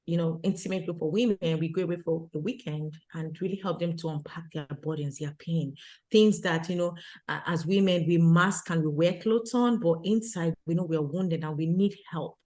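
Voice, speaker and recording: A woman's voice: lowish voice, normal speed, darkish tone. A woman guest telling her immigrant story in an earnest, conversational way, often adding "you know" and "right?". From abroad, immigrant to Canada. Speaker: guest, retreat organizer for women.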